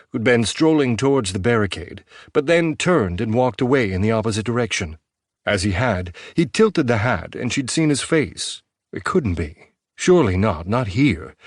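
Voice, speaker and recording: A man narrating a post-apocalyptic audiobook in a measured, even storytelling voice. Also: fairly low pitch, breathy edge, dry recording, clean studio sound.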